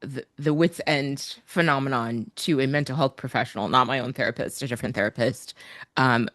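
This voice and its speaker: A woman co-hosting a podcast in casual chat, wry and quick to laugh, swearing offhandedly. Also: extremely low pitch, a bit bright, dry recording, clean studio sound. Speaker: podcast co-host.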